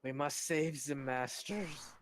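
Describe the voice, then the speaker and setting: A man voicing a small male goblin captive in a tabletop game, slow and pleading. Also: on the high side, slight background noise, pitched above the performer's own voice.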